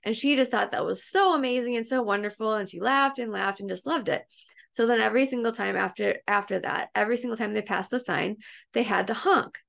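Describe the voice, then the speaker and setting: A woman's voice: a little high, a little fast, gravelly, a bit bright. A woman coaching an online group, casually retelling a story from a book in a chatty, meandering way, full of fillers and restarts. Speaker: self-help coach and host.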